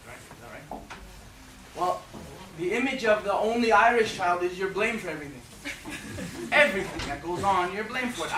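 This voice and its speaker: A man from Newfoundland, Canada, giving an energetic, joking talk to an audience in a university hall. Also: fairly high pitch. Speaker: guest speaker. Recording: echoey hall, far from mic, noisy.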